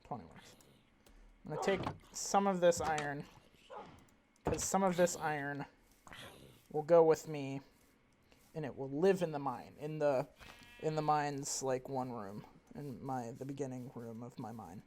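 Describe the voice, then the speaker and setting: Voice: medium pitch, a little slow, pauses often, a little mellow. Chatty gamer rambling over noise. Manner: rambling, chatty, talks to in-game animals. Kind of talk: casual let's-play commentary. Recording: audible background noise.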